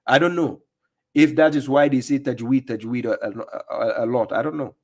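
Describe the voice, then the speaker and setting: A man's voice: medium pitch, moderate pace. A man hosting a livestream, giving mocking, sarcastic religious commentary on video clips he plays. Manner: scornful, sarcastic, lecturing. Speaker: livestream host reacting to clips.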